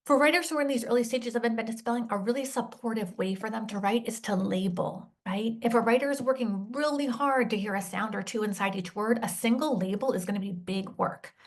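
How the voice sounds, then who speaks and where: A woman's voice: a little high, a little fast, hardly any pauses. Woman teacher trainer, "right?"-tagging delivery. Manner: ends many points with a questioning "right?". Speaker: literacy educator presenting a teacher workshop. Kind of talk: instructional presentation.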